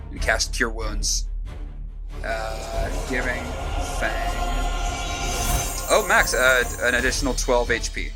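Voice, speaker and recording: A man playing a tabletop game, describing his moves in a relaxed, hesitant way with many fillers. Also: on the low side, unhurried, over music. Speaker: player. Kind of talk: casual tabletop play.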